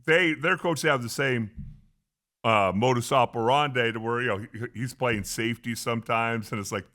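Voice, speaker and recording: A man's voice: mid-range voice, normal speed, pushed and bright. An older man with an American accent, co-hosting a radio sports show and chatting casually, laughing along with the others.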